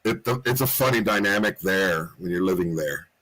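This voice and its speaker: A man's voice: low voice, moderate pace, a bit bright, rough recording. A man chatting casually, rambling and swearing freely, a little tipsy after a few drinks. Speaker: guest. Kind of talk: casual chat.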